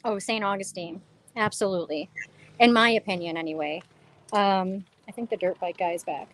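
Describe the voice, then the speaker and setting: A woman chatting casually as an interview guest, animated and quoting herself as she tells stories. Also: mid-range voice, normal speed. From New York. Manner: animated storyteller, quotes herself and others. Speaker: paranormal investigator guest.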